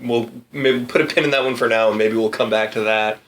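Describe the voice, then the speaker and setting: A man co-hosts a loose podcast chat with dry, wry humor, slowing down on words he wants to mock. His voice sits at a middling pitch, and a faint noise runs under the recording. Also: steady tone, fairly bright tone. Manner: dry, wry, drawn-out emphasis. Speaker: podcast co-host and reader. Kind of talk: casual chat.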